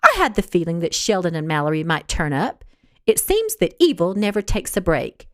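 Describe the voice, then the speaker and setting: A woman's voice: on the low side, huge pitch swings, moderate pace, fairly bright tone, dry recording, studio quality. A woman voicing a stern, motherly older hostess who speaks in a firm, commanding way.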